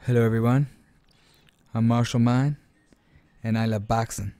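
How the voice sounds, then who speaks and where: A man's voice: medium pitch, steady tone, moderate pace, dark tone, no echo, lightly acted. A man voicing an earnest male gamer who loves boxing and insists he fights clean.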